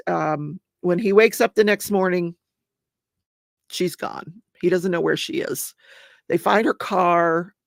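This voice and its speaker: Gravelly woman chatting on a live stream, keeps jumping to viewer comments, middle aged. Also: lowish voice, no room sound, studio quality. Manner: rambling recap that chats with live viewers. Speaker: host of a live crafting and true-crime channel. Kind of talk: casual live-stream chat.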